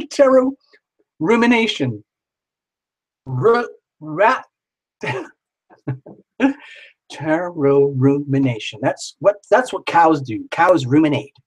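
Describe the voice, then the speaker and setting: The host of this live tarot stream is a man whose voice sits on the high side. His talk is playful, full of jokes and sing-song asides, and the recording quality is low.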